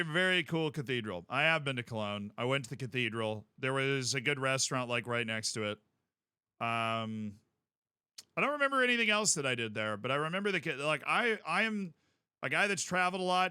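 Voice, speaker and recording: A man streaming a game, chatting casually in a rambling, jokey way with sudden loud outbursts. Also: medium pitch, smooth, no echo, studio quality.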